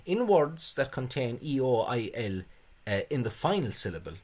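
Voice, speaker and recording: A man's voice: mid-range voice, big pitch swings, moderate pace, a little mellow. A man gives a spoken lecture on spelling, hesitant and full of fillers, with scornful asides. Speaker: language video host.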